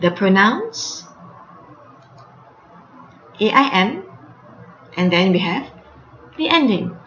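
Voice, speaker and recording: A woman's voice: medium pitch, very animated, slow pace, fairly bright tone, a little hiss or hum. A woman teaching French grammar, spelling out endings letter by letter and repeating each example. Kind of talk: slow spelled-out language lesson. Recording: lo-fi, echoey room.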